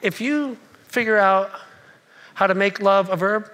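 A male pastor preaching a sermon in a church in an animated, repetitive way, with joking asides. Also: high voice, normal speed.

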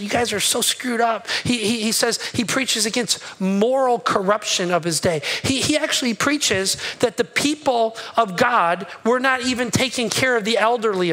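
Through a rough recording comes a high-pitched, bright, forceful male voice. It belongs to a pastor delivering an impassioned, conversational sermon in a church, asking his congregation questions.

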